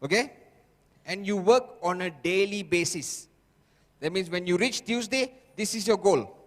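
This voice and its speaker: A man's voice: high voice, expressive, measured pace, fairly bright tone. A man giving an emphatic motivational sales training talk, repeating himself and checking in with the audience again and again. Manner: emphatic, repetitive, constant "okay?" checks with audience. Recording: echoey hall.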